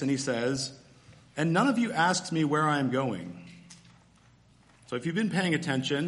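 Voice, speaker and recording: A man preaching a sermon, teaching through a scripture passage step by step in a relaxed, conversational way. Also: mid-range voice. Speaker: pastor.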